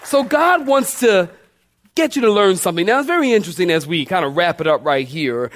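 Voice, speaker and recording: A pastor preaches a sermon, building his points through repetition and calling on the congregation to respond, his pitch swinging widely. His voice is expressive and fairly quick, with a faint crowd and slight background noise behind him.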